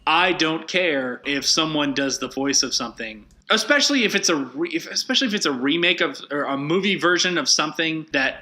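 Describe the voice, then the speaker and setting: Bright, chatty man co-hosting a podcast. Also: on the high side, expressive, brisk, hardly any pauses. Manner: rambling, restarts sentences often. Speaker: podcast co-host. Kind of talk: casual chat.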